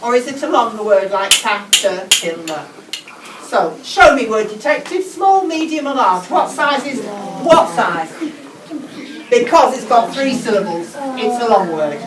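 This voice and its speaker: A brisk English woman with a fairly high voice leads a school class, drawing out key words slowly for the children. She is picked up from a distance in an echoey classroom, with clear noise behind her. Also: lively intonation. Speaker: teacher. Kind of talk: whole-class teaching demonstration.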